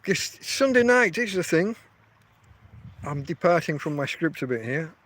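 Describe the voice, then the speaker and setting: A man's voice: a little high, very animated, moderate pace, a bit bright. A man, chatting casually and rambling on a livestream from outdoors. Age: 50s. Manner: rambling, chatty, often restarts his sentences. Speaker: livestream host.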